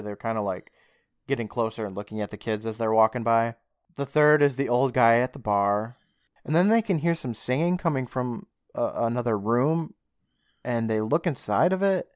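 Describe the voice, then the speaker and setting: A man's voice: mid-range voice, moderate pace, clean tone, dry recording, clean studio sound. A man co-hosting a podcast, casually retelling a show's plot and acting out the characters' lines. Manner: animated retelling, acts out lines. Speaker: podcast co-host. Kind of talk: casual recap chat.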